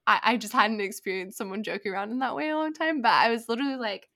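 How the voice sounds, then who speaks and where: Woman podcast co-host, slight gravel, chatty storyteller, lots of "like". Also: fairly high pitch, very fast. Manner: animated storytelling, many "like" fillers. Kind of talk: casual conversation.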